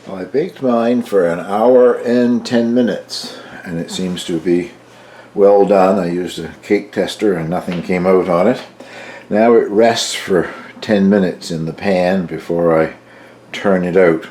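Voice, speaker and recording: Speaking a little slowly in a low, slightly mellow voice, an older man casually demonstrates baking a loaf at home. He's chatty and relaxed, tasting and commenting along the way, with a little hiss or hum in the recording.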